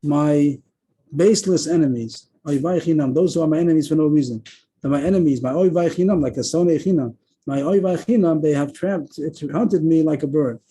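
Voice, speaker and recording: A man, teaching a verse-by-verse text class over a video call, thinking aloud frequent pauses and restarts. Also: a little high, warm tone, slight background noise.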